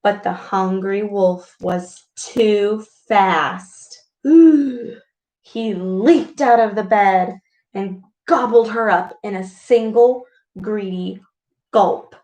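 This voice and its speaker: A woman reading a storybook aloud to children, expressive and full of gasps and exclamations. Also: medium pitch, extremely slow. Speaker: speech clinician reading to children. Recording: echoey room.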